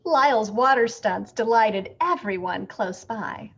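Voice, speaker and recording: A woman reading a picture book aloud with expressive, animated storytelling. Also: fairly high pitch, slow, breathy edge, lo-fi sound.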